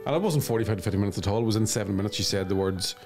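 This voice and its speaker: A young Northern Irish man, a comedian guest on a podcast, telling crude stories in a bawdy, self-mocking way with deadpan punchlines. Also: lowish voice, racing, soft background music. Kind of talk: casual podcast chat, crude storytelling.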